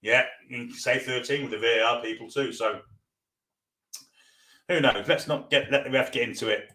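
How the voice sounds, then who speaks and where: Man, Geordie accent, fan stream host, chatty, reads comments aloud, mid-pitched voice. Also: fairly even intonation, moderate pace, pushed and bright. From North East England. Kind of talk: live stream chat reading.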